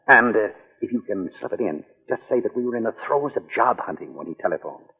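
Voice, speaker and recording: An actor in a 1940s radio play voicing a charming, flippant husband who teases, hedges with uhs and laughs things off. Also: male voice, lowish voice, lively intonation, a little fast, breathy edge. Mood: teasing. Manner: teasing, hesitant with uhs, laughs easily. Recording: tinny old radio broadcast with reverb.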